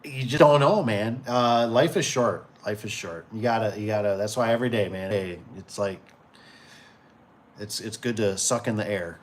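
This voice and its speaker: A man's voice: fairly low pitch, normal speed. A man in his forties hosting a casual livestream for his door and gate business. He reads viewer comments aloud and rambles easily, with many fillers and restarts. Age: 40s.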